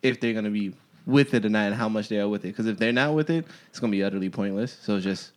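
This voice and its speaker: A man co-hosting a casual podcast chat, laid-back, giving advice in a lowered voice. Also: fast. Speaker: podcast co-host.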